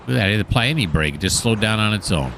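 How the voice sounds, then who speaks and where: A man's voice: fairly low pitch, animated, very fast, creaky, fairly bright tone, slight background noise. A man casually commentating his train-simulator play, chatty and mildly sarcastic, talking to himself and the game. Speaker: gaming channel host.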